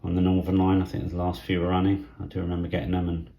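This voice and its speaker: A middle-aged man from England talks through a hobby unboxing at his workbench, musing aloud with halting fillers. His voice sits very low, with a gravelly fry and a dark, mellow tone, often dropping to a soft half-whisper. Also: monotone, highs cut off. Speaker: model railway vlogger. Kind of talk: casual hobby unboxing commentary.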